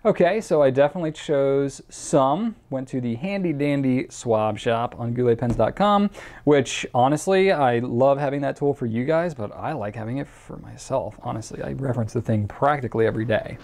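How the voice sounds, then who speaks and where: A man hosts a relaxed question-and-answer show and talks in a loose, chatty way. He fills his sentences with "um" and "like" and restarts them often. His voice sits at a middling pitch. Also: moderate pace. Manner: chatty, casual, with many fillers and restarts; reads out a viewer's question in a mock accent. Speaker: host answering viewer questions. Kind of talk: casual chat.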